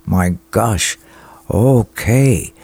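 A man hosting a radio show, introducing songs and reading listener greetings in an enthusiastic, halting way full of fillers. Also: on the low side, vocal fry, darkish tone, breathy edge. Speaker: radio host. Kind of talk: radio dedications and song intros.

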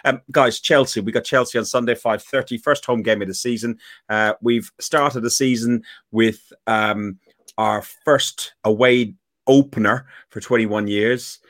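A man hosting a casual football podcast over a call, telling a rambling story full of ums and pauses. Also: mid-range voice, fairly even intonation, fairly bright tone. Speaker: podcast host.

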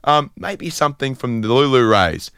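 A man from Sydney hosting a radio show, telling a rambling story in a deadpan style full of fillers. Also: medium pitch, moderate pace. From Sydney, Australia. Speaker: radio host. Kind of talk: comedic casual radio chat.

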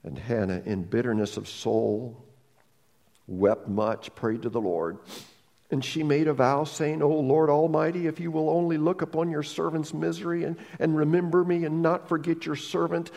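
A man preaching a sermon as a pastor, telling a Bible story with lively humor and asides. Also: fairly high pitch, normal speed, vocal fry, in a large hall.

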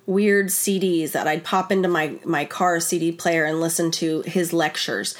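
A woman telling a personal story to camera in a casual, animated, rambling way, full of "like" and retold conversations. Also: mid-range voice. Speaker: wellness vlogger and former wedding photographer.

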